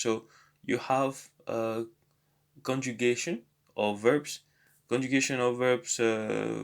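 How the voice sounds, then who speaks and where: Hesitant man teaching a language lesson. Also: mid-range voice. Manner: hesitant, many fillers and restarts. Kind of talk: casual spoken lesson.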